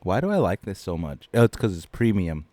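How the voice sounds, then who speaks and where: A man's voice: low-pitched, very animated, brisk, mellow. A man co-hosting a beer-tasting podcast as its producer, chatty and swearing casually, laughing often.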